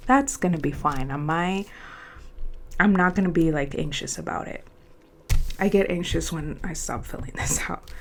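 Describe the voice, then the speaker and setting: Young woman, casual vlog chat, low-ish pitch, emotional, occasional whispers. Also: moderate pace, vocal fry, pauses often, a little hiss or hum. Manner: chatty and emotional, sometimes drops to a whisper. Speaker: planner unboxing vlogger.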